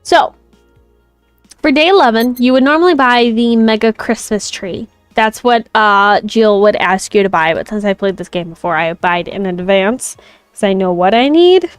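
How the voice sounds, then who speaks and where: A woman's voice: medium pitch, animated, moderate pace, clear, resonant tone, no echo, soft background music. A young woman streamer chatting playfully with her viewers while starting a story game. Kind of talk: casual gameplay chat.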